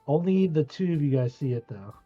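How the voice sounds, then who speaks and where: A game master narrating a tabletop game, halting often with fillers. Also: mid-range voice, lively intonation, mellow, lo-fi sound, soft background music. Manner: halting, many uhs.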